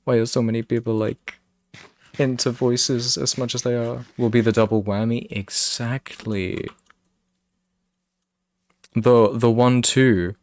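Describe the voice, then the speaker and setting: Young british man, gravelly low voice, slow rambling chat, dry sound. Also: flat delivery, a little mellow. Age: young adult. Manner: rambling, self-interrupting, laughs often. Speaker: streamer. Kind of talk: casual chat with stream chat.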